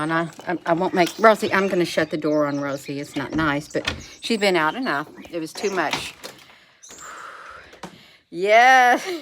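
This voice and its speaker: Slow, unhurried middle-aged woman, casual vlog chat, rambling and cooing at her cat. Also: fairly low pitch, fairly bright tone, a little hiss or hum. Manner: rambling, coos at her pet cat between remarks. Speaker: vlogger.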